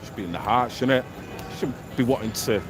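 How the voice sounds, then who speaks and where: A man's voice: medium pitch, brisk, over music, poor audio. A man from Manchester with a Mancunian accent, live-streaming outdoors on a city square, chatting bluntly and jokily with plenty of swearing. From Manchester, England. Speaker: livestream host. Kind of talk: casual street livestream chat. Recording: loud street noise behind.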